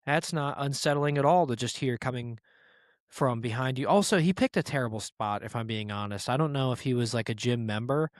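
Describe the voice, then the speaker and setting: A man in his thirties hosts a comedy podcast, rambling through stories with casual swearing. His voice is smooth and clear, at a middle pitch, and it is recorded close and dry. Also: brisk, no room sound. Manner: rambling storyteller who swears casually and acts out quoted voices. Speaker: podcast host.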